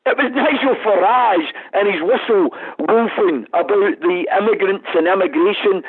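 Scottish male guest calling in by phone, husky voice, fiery and combative delivery. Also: high voice, normal speed. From Scotland. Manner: impassioned, combative, rising to emphatic outbursts. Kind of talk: radio phone-in interview. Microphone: phone line. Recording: tinny phone line.

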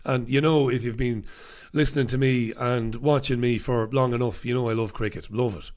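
A man's voice: medium pitch, steady tone, normal speed, darkish tone. An Irish man hosting a casual live stream from a small studio, rambling and mocking himself as he chats to viewers. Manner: rambling, self-mocking, chatty. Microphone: desk microphone.

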